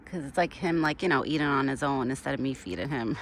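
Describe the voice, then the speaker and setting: A woman's voice: very deep voice, animated, fast talker, few pauses, a little hiss or hum. A woman vlogging outdoors while feeding a deer, chatty and bubbly, laughing often and a little out of breath. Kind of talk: casual outdoor vlog. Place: outdoors in a yard.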